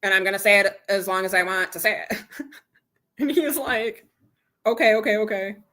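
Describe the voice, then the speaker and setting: A middle-aged woman hosts a casual live chat with her viewers. Her voice is bright and forward, sitting at an ordinary pitch for a woman. She talks candidly, retelling an argument with plenty of quoted back-and-forth. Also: moderate pace. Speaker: channel host.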